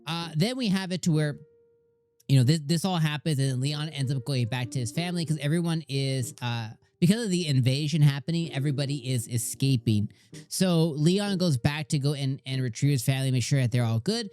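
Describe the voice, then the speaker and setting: A man hosting an anime channel, giving casual reaction commentary in an excitable, gushing way with lots of rambling restarts. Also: fairly high pitch, fairly quick, soft background music. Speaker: anime reviewer and channel host.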